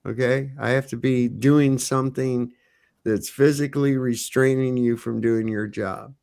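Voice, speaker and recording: A man's voice: medium pitch, fairly even intonation, measured pace, vocal fry, darkish tone, no room sound, clean studio sound. A man leading a casual panel talk, blunt and emphatic, cursing freely. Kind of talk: casual chat.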